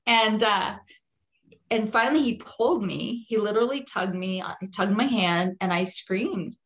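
A woman's voice: mid-range voice, moderate pace, a bit bright. Woman, podcast guest, personal testimony, earnest, vivid, emphatic repetition. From Jewish home.

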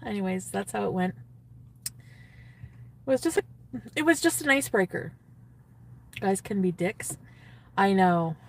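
A woman's voice: medium pitch, animated, takes it slowly, creaky, long pauses, far from the mic. A woman chatting on a phone livestream from a parked car, giddy and gushing, reading and answering her chat.

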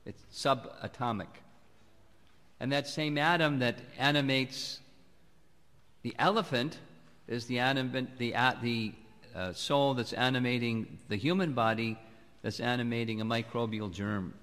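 Man giving a sermon, calm and measured, mid pitch, long echo off a big temple hall. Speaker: spiritual teacher giving a lecture.

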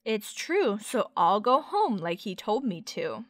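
A woman's voice: medium pitch, sing-song, slow pace, dry recording, clean studio sound. A woman voicing a silly, good-natured big male bear in a bumbling, cheerful way.

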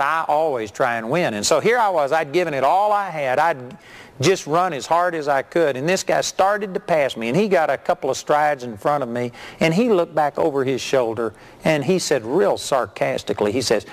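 A middle-aged preacher delivers his sermon in a folksy, animated storytelling manner. His voice sits a little higher than most men's. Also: moderate pace. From Texas.

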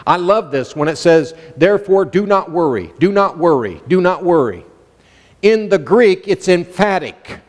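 High-pitched guy preaching hard, calls out to the crowd, big reverby church hall. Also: animated, moderate pace. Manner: emphatic, calls out to the congregation. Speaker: pastor. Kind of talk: sermon.

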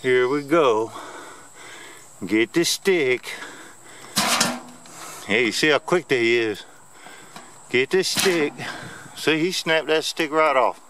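A man's voice: medium pitch, lively intonation, slow, long pauses, noisy background. A man, vlogging outdoors in a yard. He gives playful, teasing commentary in a sing-song, taunting way. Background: insects and crickets.

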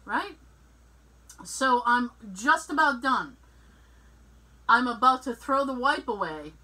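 A woman chats on a podcast, her voice high and swinging widely in pitch. She takes her time and acts out the people in her story, laughing often. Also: animated, slow, sharp tone, low-quality recording. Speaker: podcast co-host. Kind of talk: casual storytelling chat.

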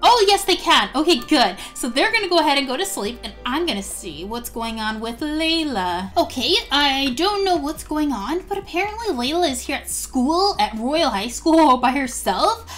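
A woman narrating a life-sim game as a gaming video host, excitable and chatty. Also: sits high, moderate pace, hardly any pauses, soft background music. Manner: excitable, gasps and laughs often. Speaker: gaming youtuber. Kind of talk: let's play commentary.

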